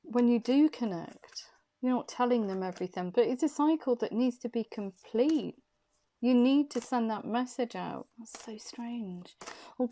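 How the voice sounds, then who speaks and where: A woman's voice: a little high, mellow, slight background noise. A woman giving an intuitive tarot reading, short of breath, hesitant and often repeating her questions. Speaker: tarot reader.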